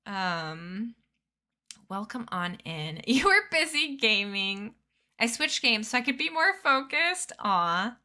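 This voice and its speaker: A woman's voice: on the high side, big pitch swings, slow pace, sharp tone. A young woman in her twenties chatting casually with her stream chat, bubbly and giggly, sleepy. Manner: bubbly, giggly, reads chat names aloud. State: sleepy, yawning. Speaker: streamer reading a book aloud.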